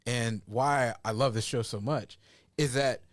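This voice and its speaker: A man's voice: medium pitch, steady tone, measured pace, no echo, clean studio sound. A man who is a political candidate, talking earnestly in a casual panel chat, often repeating words as he starts a thought. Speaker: congressional candidate.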